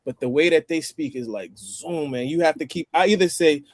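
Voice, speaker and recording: A man's voice: fairly high pitch, fairly quick, dry recording. Man hosting, dry close sound. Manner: chatty, explains phrases step by step. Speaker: host. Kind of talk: casual roundtable chat.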